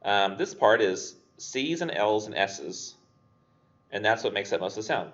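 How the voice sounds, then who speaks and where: At a measured pace, a young English instructor with a lowish, slightly bright, animated voice leads a casual literature class. He keeps it chatty, full of fillers and theatrical readings of quotes, on a lo-fi recording.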